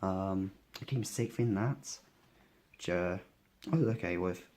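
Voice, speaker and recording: A young man with a cold, sniffly and a bit hoarse, talking tiredly through a casual daily vlog with lots of fillers. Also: low-pitched, unhurried, darkish tone. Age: young adult. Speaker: vlogger.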